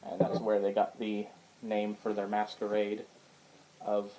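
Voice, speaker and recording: Rambling low-voiced man showing his books. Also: monotone, measured pace, warm tone, slight background noise, low-quality recording. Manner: rambling, hesitant, many fillers and restarts. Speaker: book collector showing his collection. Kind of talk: casual show-and-tell vlog. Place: indoors at home.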